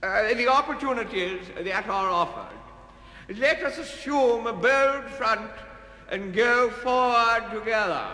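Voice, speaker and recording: A pompous windbag politician holds forth in a high, piercingly bright voice. He speaks slowly, in an orotund and evasive way. The sound rings in a roomy hall with a long tail of reverb. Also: exaggerated voice. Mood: blustering. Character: pompous windbag male politician, middle-aged. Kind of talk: comic political speech recording.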